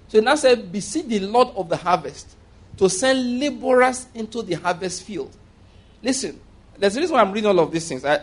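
High-pitched preacher man reading scripture. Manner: reads scripture aloud with emphatic stresses, occasional restarts. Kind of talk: sermon.

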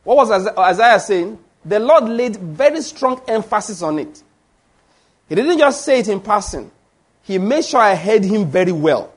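A male preacher with a high voice delivers a sermon. He speaks emphatically and drives his points home by repeating key lines, and he reads scripture aloud. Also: big pitch swings, normal speed.

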